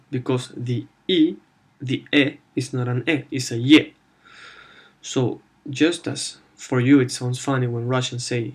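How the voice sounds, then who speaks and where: A man teaching the alphabet in a lesson, slowly sounding out each letter several times. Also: medium pitch, a little mellow. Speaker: language teacher.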